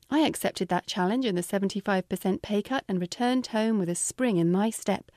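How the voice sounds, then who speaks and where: A woman's voice: mid-range voice, fairly quick, few pauses, darkish tone, no echo. A woman with a British accent reading her own memoir aloud with wry, dry humor. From Britain. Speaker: author.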